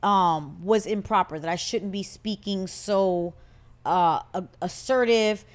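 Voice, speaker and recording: A woman in her thirties with a Puerto Rican-tinged northern US accent, co-hosting a casual podcast and telling a story in a lively, animated way. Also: medium pitch, slow pace. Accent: Puerto Rican-tinged northern US English. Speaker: podcast co-host. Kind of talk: casual chat.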